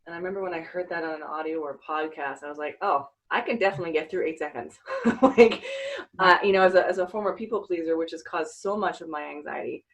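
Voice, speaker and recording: A woman's voice: sits low, quick pace, rough recording. A woman hosting a podcast interview, talking earnestly and reflectively with many fillers. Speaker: podcast host. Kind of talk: casual interview chat.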